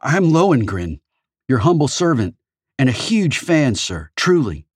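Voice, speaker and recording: A man's voice: medium pitch, sing-song, measured pace, husky, no room sound, clean studio sound, pitched above the performer's own voice. A man voicing a nervous, starstruck young woman gamer who talks in a shaky, eager rush. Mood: awed.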